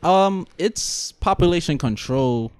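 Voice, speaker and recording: A man in his twenties talking casually in a group chat, telling a story with lots of swearing and animated energy. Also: on the high side, takes it slowly, smooth, no room sound. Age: 20s.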